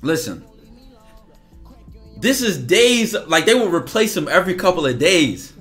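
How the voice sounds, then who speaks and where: A man with a bright, fairly high voice holds forth in a loose livestream monologue. He talks with heavy emphasis and slips into quick acted-out exchanges. Faint music plays underneath. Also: very animated. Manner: casual, emphatic, acts out dialogue. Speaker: streamer.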